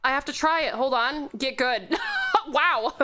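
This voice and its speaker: A young woman streaming a racing game, excitable and giggly, chatting with viewers and swearing loudly when she loses. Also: high-pitched, a little slow, soft background music. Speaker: VTuber streamer. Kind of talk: casual gaming stream commentary.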